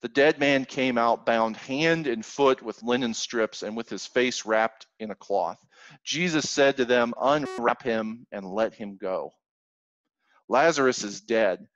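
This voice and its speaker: A man's voice: medium pitch, measured pace, a bit bright, no room sound, muffled recording. A man preaching a sermon, reading scripture aloud and explaining it in an earnest, conversational way. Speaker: pastor.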